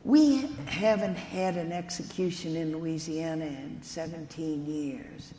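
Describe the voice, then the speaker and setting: Speaking slowly in a fairly low, mellow voice, a nun gives an earnest keynote of stories at a conference, talking directly to lawyers. The setting is an echoey hall with faint room noise.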